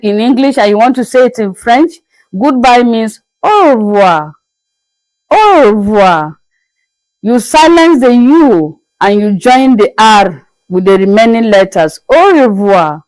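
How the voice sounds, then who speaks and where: A woman's voice: a little high, expressive, darkish tone, no room sound, rough recording. A woman teaching basic French phrases in a patient, repetitive classroom manner. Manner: patient, repeats each word slowly. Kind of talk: slow classroom-style lesson.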